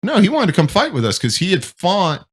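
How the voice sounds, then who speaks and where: A man's voice: high-pitched, brisk, slightly rough. Man telling profane war stories. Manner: profane, animated war storytelling. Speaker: military veteran. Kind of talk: casual podcast chat.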